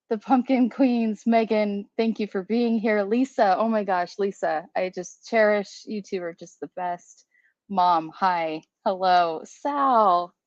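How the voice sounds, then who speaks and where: A woman's voice: mid-range voice, darkish tone, dry recording. A woman who owns a candle brand, hosting a casual livestream and greeting viewers by name in a flustered, chatty way. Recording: slightly dull, dry livestream audio.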